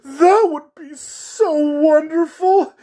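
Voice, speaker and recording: Someone doing a whiny high sad clown. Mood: mournful. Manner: loud, whiny, drawn-out clown voice. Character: sad lonely circus clown, male.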